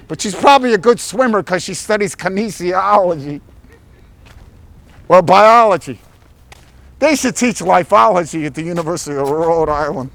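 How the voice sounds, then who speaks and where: A man filming casual street interviews on a campus, asking loud, teasing, goading questions. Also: high voice, animated, normal speed, gravelly, pauses often.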